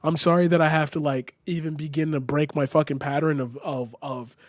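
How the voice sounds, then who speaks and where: A man's voice: fairly high pitch, fairly even intonation, a little fast, no echo, studio quality. A man live streaming a reaction to a video, ranting angrily and swearing often, repeating himself as he vents. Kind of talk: angry reaction commentary.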